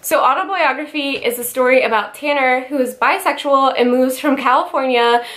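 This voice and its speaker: A woman's voice: high-pitched, normal speed, fairly bright tone. A young woman gushing about a favorite book in a casual vlog, getting tearful and emotional as she talks, with many fillers. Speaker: book vlogger.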